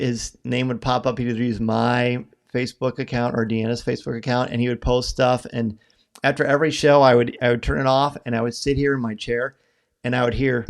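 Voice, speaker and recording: A middle-aged man hosting a live podcast stream, talking earnestly and haltingly, choked up at times. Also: medium pitch, creaky. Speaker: podcast host. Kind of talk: emotional live-stream farewell talk.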